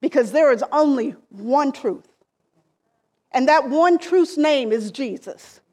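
A woman delivers a sermon at an unhurried, measured pace. Her voice sits high, and she stresses key phrases before letting the ends of her lines fall away softly. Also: lively intonation. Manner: slow, deliberate preaching with emphatic rises and soft trailing endings. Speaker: preacher.

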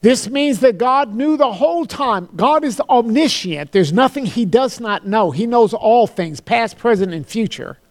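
A man preaching a sermon, earnest, slowing down to quote scripture solemnly and often repeating words as he starts a phrase. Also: very high voice, lively intonation.

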